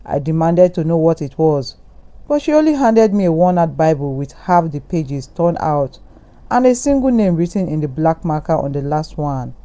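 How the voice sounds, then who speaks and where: A man reading a first-person horror story in a steady, brooding narration. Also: a little high, normal speed.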